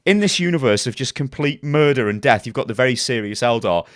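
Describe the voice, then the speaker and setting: A man's voice: mid-range voice, animated, fast talker, no echo, studio quality. A man co-hosting a casual gaming podcast, talking animatedly and laughing often. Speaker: podcast co-host.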